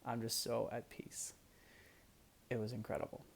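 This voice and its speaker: Gravelly-voiced young man telling a story. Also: medium pitch, moderate pace, slight background noise. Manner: animated, laughing, drops to hushed asides. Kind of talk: casual storytelling.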